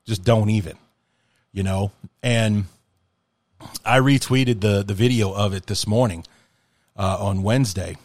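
A man's voice: fairly low pitch, unhurried, pauses often, a little mellow, no echo. A man hosting a casual solo podcast, talking in an impassioned, rambling and profane way. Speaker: podcast host.

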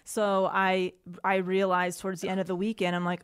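A woman's voice: mid-range voice, monotone, normal speed, smooth. A woman in her late twenties co-hosting a podcast, talking candidly and casually and swearing freely. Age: late 20s. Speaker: podcast co-host. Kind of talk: casual chat.

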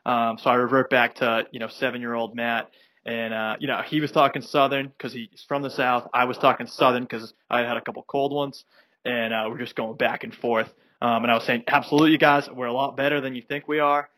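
Bright-voiced man telling a rambling story. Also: medium pitch, flat delivery, fairly quick, no echo, rough recording. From South Carolina. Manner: rambling storyteller, many fillers and restarts. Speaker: podcast co-host. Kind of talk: casual sports podcast chat.

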